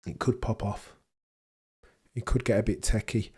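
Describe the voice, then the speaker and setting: A man's voice: on the low side, level tone, moderate pace, darkish tone, breathy edge. A young man hosting a live stream, chatting casually and joking with his chat while reacting to the action.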